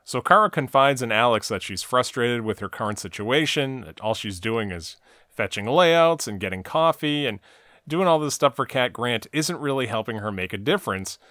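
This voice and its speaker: A man's voice: mid-range voice, fairly bright tone, no echo, clean studio sound. A man co-hosting a casual talk show, recapping a TV episode scene by scene in long run-on sentences. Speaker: podcast co-host recapping a TV episode.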